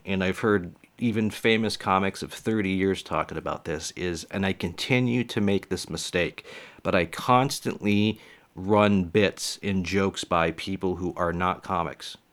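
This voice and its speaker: A man who does stand-up comedy, talking casually and rambling to his viewers, with lots of swearing. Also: deep voice. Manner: rambling, profane, chatty.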